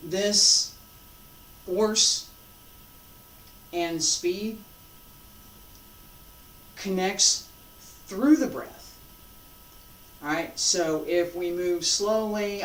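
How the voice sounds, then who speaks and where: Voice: medium pitch, lively intonation. A martial arts instructor teaching a class, calling out breathing cues and checking in with casual "all right?" and "okay?" as they demonstrate. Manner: calls out breathing cues slowly. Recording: roomy sound, distant from mic.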